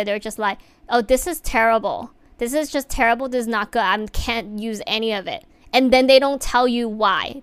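A woman's voice: on the high side, clear, resonant tone, no room sound. Chatty woman giving workplace advice. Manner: chatty, many fillers, animated emphasis. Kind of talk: casual advice talk to viewers.

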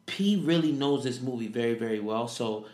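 A man co-hosting a podcast, chatting casually in an animated way with quick laughs. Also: mid-range voice. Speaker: podcast co-host. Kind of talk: casual chat. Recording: roomy echo.

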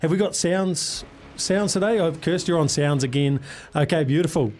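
A man's voice: fairly high pitch, moderate pace, darkish tone. A man hosting a radio sports quiz, upbeat and matey with plenty of slang. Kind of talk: casual radio banter. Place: radio studio.

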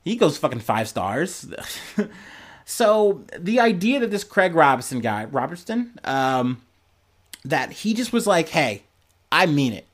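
A man's voice: on the high side, sing-song, measured pace. A young man hosting a podcast, giving casual, profane, sarcastic news commentary and often laughing. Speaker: podcast host.

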